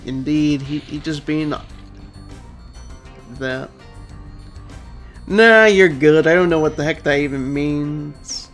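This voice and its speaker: A man's voice: on the high side, slow pace, long pauses, a bit bright, soft background music. A young man streaming a game, chatting casually and rambling as he answers chat. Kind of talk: casual let's-play commentary.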